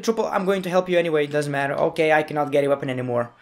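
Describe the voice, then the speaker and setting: A man's voice: fairly high pitch, rapid-fire. A young man commentating his own wrestling-game match in a goofy, playful way, with bursts of mock anger at the players. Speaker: gaming YouTuber. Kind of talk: gameplay commentary.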